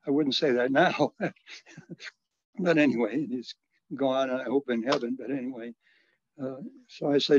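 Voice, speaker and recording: A man in his eighties, a retired priest, recounting his past in an interview in a halting way, with many restarts and soft chuckles. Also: medium pitch, breathy edge. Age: 80s. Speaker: retired Catholic priest and social worker. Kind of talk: reminiscing in an interview. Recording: dull, lo-fi, dry recording.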